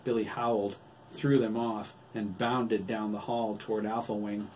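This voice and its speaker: A man reads his own novel aloud in a steady, plain narration with a low voice. He sits a little back from the mic, and a faint hiss runs under the recording. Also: unhurried, far from the mic, poor audio. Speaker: author reading his novel. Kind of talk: audiobook narration.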